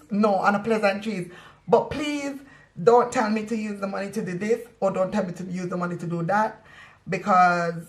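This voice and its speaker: A young woman with a Caribbean accent, chatting casually to camera about her budget, sassy and playful, slipping into patois. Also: medium pitch. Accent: Caribbean, West Indian patois in places. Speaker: budgeting vlogger.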